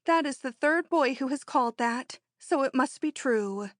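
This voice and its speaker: A woman reading an audiobook, voicing a bold, excitable rich young woman in an eager, emphatic way. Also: moderate pace, no room sound, clean studio sound. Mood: confident. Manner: eager, emphatic, high-strung.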